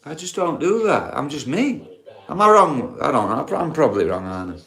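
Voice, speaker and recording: A man with a broad Yorkshire accent talks to his live stream audience in a loose, rambling way. He swears freely and keeps turning to viewers with questions like "isn't it?" His voice sits at an ordinary male pitch. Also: big pitch swings, normal speed, fairly bright tone. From Yorkshire, England. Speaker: livestreamer. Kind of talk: casual live-stream chat.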